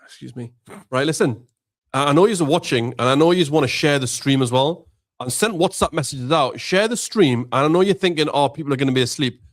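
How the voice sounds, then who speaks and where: Laid-back co-host. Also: male voice, fairly high pitch, fairly quick. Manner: laid-back banter, urging viewers to share. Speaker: co-host of an Islamic live stream. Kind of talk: casual live-stream chat.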